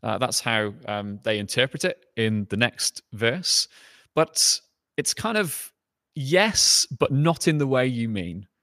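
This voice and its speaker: A man preaching a sermon in a conversational way, voicing quoted lines with lifted pitch and emphasis. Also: animated, slow, a bit bright, no echo, clean studio sound.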